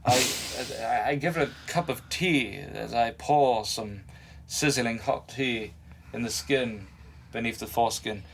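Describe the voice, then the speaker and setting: A man putting on a pompous posh gentleman. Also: medium pitch, unhurried, slight background noise, close to an everyday voice. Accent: mock British. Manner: pompous, mock-refined.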